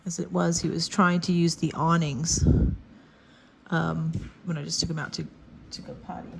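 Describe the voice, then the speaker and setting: A woman's voice: lowish voice, steady tone, moderate pace, vocal fry, noisy background. A middle-aged woman, chatting folksily as she teaches painting at home. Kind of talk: casual painting tutorial.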